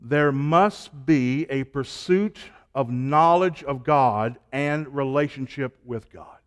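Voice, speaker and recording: A man preaching a sermon, stacking emphatic repeated phrases and dropping to a low, quiet delivery between them. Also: takes it slowly, clean tone.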